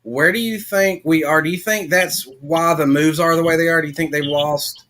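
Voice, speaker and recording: A man's voice: fairly high pitch, fairly even intonation, moderate pace, fairly bright tone. Male podcast host, long winding questions. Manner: asks long, winding questions and explains terms. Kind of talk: casual interview.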